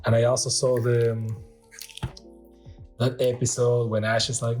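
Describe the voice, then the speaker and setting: A middle-aged man hosting a casual card-pack opening, rambling and excitable, stopping often to read the card text aloud. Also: mid-range voice, unhurried, pauses often, faint music behind. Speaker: channel host opening card packs. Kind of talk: casual unboxing chat.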